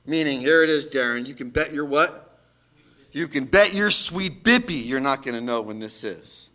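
A man preaching a sermon as pastor, moving between loud shouted calls and quiet asides. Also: medium pitch, lively intonation, normal speed.

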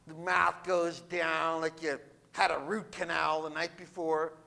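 A man delivers a sermon in a high, piercing voice with a very bright, forceful edge. He is emphatic and keeps pressing his listeners with rhetorical questions. He takes his time, letting each phrase land slowly. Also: level tone, creaky. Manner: slips into mocking quoted voices. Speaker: preacher.

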